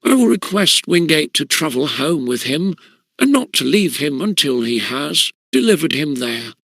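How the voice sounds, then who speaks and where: A man voicing a stern, formal elderly headmaster with a deep voice. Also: sing-song, moderate pace, vocal fry, a bit bright, no room sound, full character voice.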